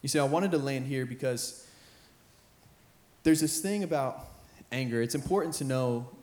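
A young man, a high school pastor, preaching an earnest sermon that repeats phrases and builds in intensity. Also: moderate pace, a little mellow. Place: church sanctuary with band playing behind. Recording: roomy church hall with live music.

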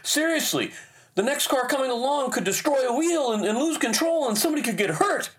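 A man's voice: mid-range voice, wildly swooping pitch, fast, far from the mic. A man raising his voice to play his earnest wife, who urgently presses him to act. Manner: urgent, pleading.

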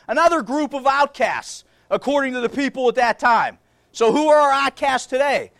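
Really high-pitched guy giving a sermon, keeps saying folks, dry sound no room echo. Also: fairly bright tone. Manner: emphatic, repeats key phrases, addresses listeners as folks. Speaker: preacher.

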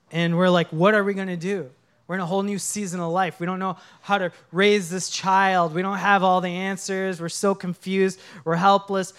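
A man's voice: high-pitched, a bit bright. A male pastor preaching a sermon, telling a personal story in an earnest way and building to impassioned preaching.

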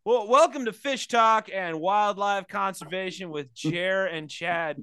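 Bright-voiced, profane podcast host. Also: male voice, high voice, measured pace, clear, resonant tone, no room sound, clean studio sound. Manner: profane, riffing with jokey asides. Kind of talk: casual comedic chat.

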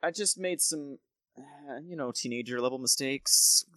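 A man's voice: medium pitch, moderate pace, pushed and bright, voice pushed up, lightly acted. A man voicing a cursed, courteous male lord who is sincere yet a little unsettling. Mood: affable. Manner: courteous, smooth and welcoming.

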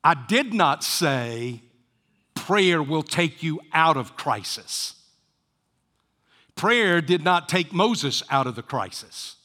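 A man preaching a sermon as pastor, rising to fervent emphasis and dropping to hushed near-whispers. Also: fairly high pitch, in a large hall.

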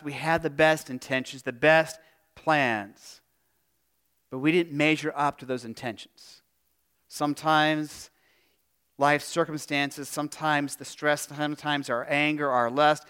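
A male pastor delivers an earnest, personal sermon, pausing and restarting as he works through his thoughts. His voice is bright and crisp, sitting a little high for a man.

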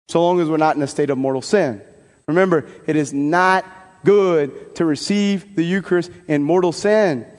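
Male priest, high-pitched, chatty animated homily, reverberant church. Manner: conversational, animated, folksy asides. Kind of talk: sermon.

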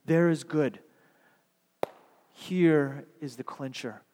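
Male preacher, high-pitched, conversational delivery that swells into fervent appeals, reverberant hall. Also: animated, slow, pauses often, a little mellow. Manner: conversational, rhetorical questions, building to fervent exhortation. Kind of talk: sermon. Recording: long echo of a large hall.

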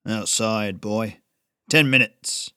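A man voicing a stern old male blacksmith who talks in curt, rasping commands. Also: on the low side, slow, bright, forceful tone, dry recording, studio quality, heavily acted. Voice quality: rasping, growling.

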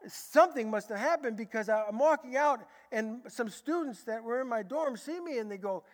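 A man preaching a sermon, telling his story in a lively way and acting out the dialogue. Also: very high-pitched, moderate pace. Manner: animated, acts out dialogue in a lively way. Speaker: preacher giving a testimony. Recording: echoey large hall.

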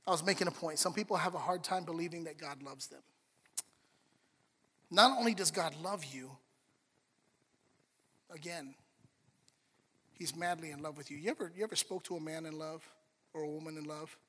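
A high, very bright male voice delivers a sermon, moving from hushed asides to loud, lively bursts as he tells stories. The sound rings with the long reverb of a big hall. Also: normal speed, pauses often, breathy edge. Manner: animated storytelling, swings from soft to loud. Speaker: pastor.

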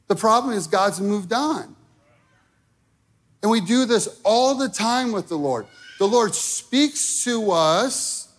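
A man preaching a sermon, conversational and direct, checking in with the listeners often. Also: sits high. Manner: conversational preaching with frequent okay and right. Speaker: pastor.

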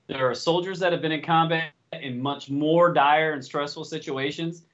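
High, bright-voiced man ranting casually. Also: steady tone, normal speed. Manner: profane, heated storytelling. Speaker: podcast co-host. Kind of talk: casual chat. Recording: dull lo-fi podcast audio.

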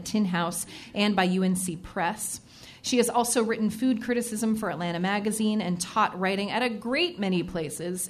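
A woman hosting a reading podcast, introducing the featured reader with brisk, bright delivery. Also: medium pitch, a little hiss or hum.

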